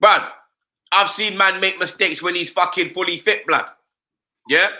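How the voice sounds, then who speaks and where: Bright-voiced ranting man. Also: high-pitched, a little slow. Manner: animated slangy rant, repeats "blood" and "you understand". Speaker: football fan pundit. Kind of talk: live-stream football rant.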